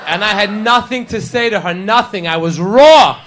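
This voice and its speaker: A man doing a stand-up routine in a comedy club, brash and working the crowd, shouting his punchlines. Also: sits high, normal speed. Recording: live club with crowd laughter and ambient noise.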